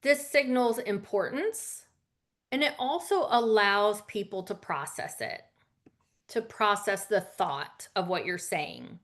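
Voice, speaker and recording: A woman's voice: mid-range voice, lively intonation, slow pace, a bit bright. A woman teaching a casual lesson on public speaking, conversational with fillers and asides.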